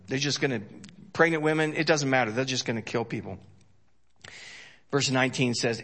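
A man preaching a sermon in a folksy, joking way, swinging from loud emphasis to hushed storytelling. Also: medium pitch, moderate pace. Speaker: pastor.

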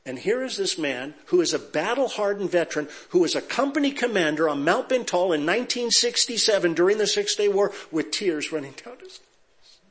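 A man's voice: sits high, fairly quick. A middle-aged man from Southern California, a pastor telling jokes and stories to his congregation. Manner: lively storyteller, joking with the audience. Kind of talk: sermon with humorous anecdotes.

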